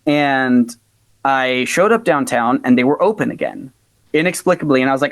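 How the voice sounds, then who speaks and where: Man, American, musician guest, casual interview, animated storytelling, filler words, mid pitch, dry sound. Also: normal speed, no room sound. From United States. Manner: animated storyteller, acts out quotes, many fillers like "like".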